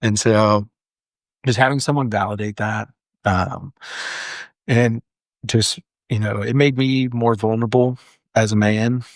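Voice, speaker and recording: A man's voice: on the low side, steady tone, measured pace, long pauses, dry recording, studio quality. A young man telling a personal story as a firefighter guest on a podcast, earnest and full of "like" fillers. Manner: earnest, frequent "like" fillers and restarts. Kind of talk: candid storytelling in a podcast interview.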